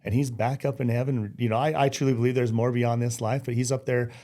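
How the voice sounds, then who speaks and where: A man's voice: mid-range voice, level tone, fast talker, dark tone. A middle-aged man speaking as a podcast guest, talking earnestly and with feeling, teary-eyed at times and often restarting his sentences. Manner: earnest, heartfelt, many restarts. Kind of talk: emotional interview.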